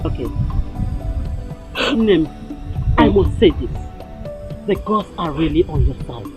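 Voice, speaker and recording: An actress with a Nigerian accent playing a calm, reassuring middle-aged mother. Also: sits low, slow, lo-fi sound, faint music behind. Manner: soothing, reassuring. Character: calm, assured noblewoman mother. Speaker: mother of Obiora. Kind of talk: film drama acting.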